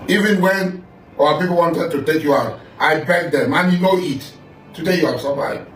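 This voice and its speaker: Nigerian man, middle-aged, fairly high voice, hammering accusations, roomy echo and faint music behind. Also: moderate pace, fairly bright tone. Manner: accusing, repetitive, addresses the listener directly. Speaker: political figure making a statement. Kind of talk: confrontational monologue. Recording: echoey room, voice far from mic, faint music.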